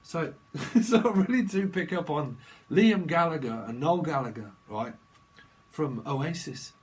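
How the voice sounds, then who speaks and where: Brief: male tarot reader, joking, free-associating, a touch high-pitched. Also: a little slow. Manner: jokey, rambling, free-associating, laughs a lot. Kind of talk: rambling solo reading video.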